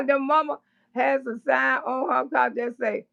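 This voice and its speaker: A woman doing casual livestream commentary, blunt and profane, with loud bursts of laughter. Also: high-pitched, steady tone, measured pace, creaky, dull audio.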